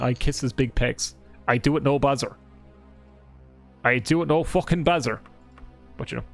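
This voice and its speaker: Chatty, sweary Irish man streaming. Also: on the high side. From Ireland. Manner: swears a lot, rambling, self-deprecating. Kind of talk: casual live gameplay chat.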